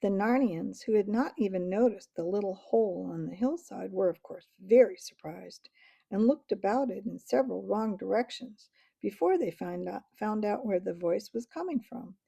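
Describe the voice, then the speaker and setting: A woman reading a storybook aloud in a gentle, measured way. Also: medium pitch, animated, creaky, breathy edge, no room sound. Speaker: audiobook reader.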